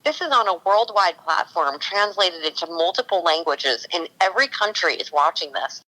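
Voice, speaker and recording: Woman, guest, enthusiastic, lowish pitch, phone-line sound. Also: lively intonation, normal speed, sharp tone. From California. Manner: enthusiastic, storytelling. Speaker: cannabis consultant for a TV series. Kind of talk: casual podcast interview.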